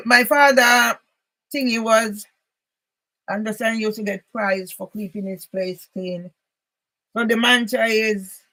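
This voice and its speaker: A Jamaican channel host with a Jamaican accent delivers a rambling, emphatic personal monologue that drifts into patois. Her medium-pitched voice sounds pushed and bright, and the recording is rough.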